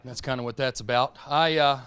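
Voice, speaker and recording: A stand-up comedian from North Alabama with an Alabama Southern accent, drawling and self-deprecating, working a live audience on stage. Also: male voice, mid-range voice, fairly even intonation, fairly quick, a bit bright.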